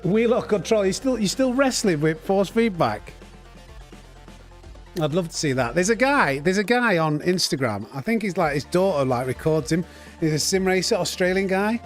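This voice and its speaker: A man's voice: high voice, expressive, normal speed, soft background music. A man chatting casually on a live sim racing stream, reading out viewer names and thanking them. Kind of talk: live gaming stream chat.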